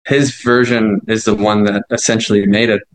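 A man's voice: fairly low pitch, flat delivery, moderate pace, poor audio. A man who writes his band's songs, talking casually in an interview, rambling and self-deprecating with lots of fillers. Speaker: songwriter and band frontman.

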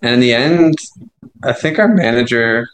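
A man's voice: medium pitch, lively intonation, normal speed, rough recording. A man who writes his band's songs, talking casually in an interview, rambling and self-deprecating with lots of fillers. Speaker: songwriter and band frontman.

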